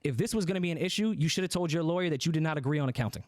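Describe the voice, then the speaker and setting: Fast-talking blunt man on a podcast. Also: fairly high pitch, animated, a little mellow, dry recording, clean studio sound. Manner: fast, blunt, profane, explaining his side. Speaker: podcast co-host. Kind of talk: candid podcast talk.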